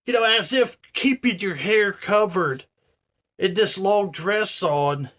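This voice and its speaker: A man on a vlog spins a story and slides into a profane rant, checking in with his viewers as he goes. His voice sits a bit on the high side. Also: slow pace, a bit bright. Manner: profane, ranting, addresses viewers directly. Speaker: vlogger. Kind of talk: casual storytelling rant to camera.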